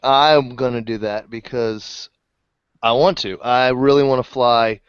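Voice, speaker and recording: A man's voice: medium pitch, fairly even intonation, a little slow, smooth, no echo. A man co-hosting a casual chat, teasing and laughing often. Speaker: co-host. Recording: dull lo-fi dry recording.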